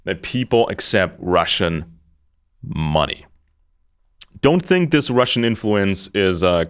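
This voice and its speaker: Guy ranting about politics, low voice that jumps all over. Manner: animated, mocks others in put-on quotes. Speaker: political commentator. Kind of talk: spoken commentary.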